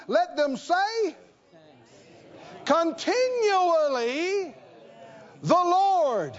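High-voiced emphatic male preacher. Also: darkish tone, dull audio. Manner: emphatic, repetitive rhetorical questions. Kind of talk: sermon.

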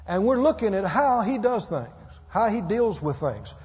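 A man's voice: high voice, very animated, normal speed, a little mellow. A man preaching a sermon, emphatic and calling out for amens from his listeners. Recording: muffled roomy hall.

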